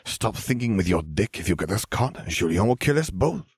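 A man voicing a scornful, hissing female dark witch in an audiobook reading. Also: sits low, big pitch swings, moderate pace, slightly rough, no echo, studio quality, heavily acted. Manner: sharp, contemptuous.

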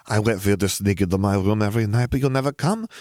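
A man voicing a cheeky, teasing young girl in a storybook reading, with a shrill, squealing voice. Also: quick pace, a little mellow, no echo, studio quality, natural voice.

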